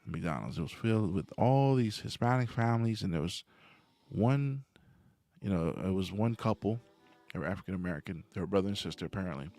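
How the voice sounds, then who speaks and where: A man's voice: low-pitched, lively intonation, fairly quick, warm tone, no echo. A man hosting a late-night livestream, telling a story to his viewers in a meandering way and getting worked up about right and wrong. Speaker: livestream host. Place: home at night.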